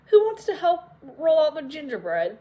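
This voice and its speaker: A woman's voice: high-pitched, very animated, normal speed, dull audio, voice pushed up. A woman reading an audiobook, voicing a fussy, motherly nun who coaxes and sulks. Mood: cheerful. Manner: sulky, coaxing.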